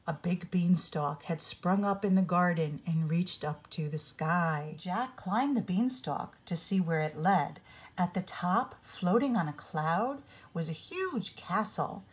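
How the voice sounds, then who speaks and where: An older woman, a grandmother, narrating a children's storybook aloud in an expressive read-along style. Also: lowish voice, slow pace, breathy edge. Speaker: storybook reader.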